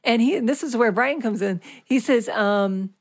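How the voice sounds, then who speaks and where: A woman's voice: fairly high pitch, normal speed. A woman in her thirties, a podcast host, telling a long story in casual chat. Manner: chatty, rambling storyteller with fillers and restarts.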